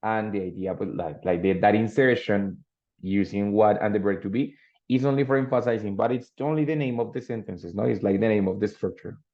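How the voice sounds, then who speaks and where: Gravelly man teaching English. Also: lowish voice, fairly quick, dark tone. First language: Spanish. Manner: explains patiently, checks in with "no?" and "ready?". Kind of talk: online English grammar lesson. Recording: dull lo-fi sound.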